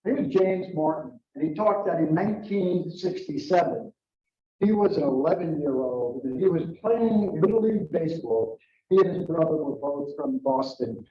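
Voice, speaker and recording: An older retired man telling a story to a club audience, halting, with many fillers and restarts. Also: a little high, mellow. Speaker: club speaker. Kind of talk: storytelling speech. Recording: dull, roomy, from a distance.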